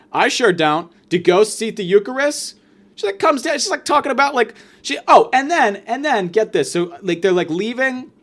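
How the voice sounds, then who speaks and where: A young man telling a comedic story as a podcast host, animated, sarcastic and profane, with quick asides. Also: high-pitched.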